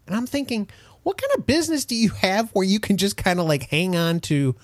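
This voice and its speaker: A man co-hosting a casual podcast, telling stories in an animated, exasperated way. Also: high voice, fairly quick, dry recording. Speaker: co-host.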